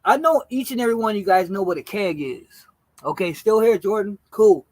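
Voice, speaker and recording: A man in his forties with a high-set voice tells a rambling story to his live-stream chat. He talks in a loose, slangy way and swears freely. The sound is dry and close, with no room around him. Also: animated, a little fast, dry recording, low-quality recording. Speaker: gaming streamer.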